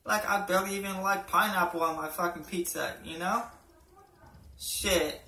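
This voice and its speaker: A man's voice: sits high, fairly even intonation, moderate pace, sharp tone, far from the mic. A young man doing an amateur stand-up routine, rambling and swearing, with a lot of "you know" and "right". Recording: echoey room, voice from off-mic.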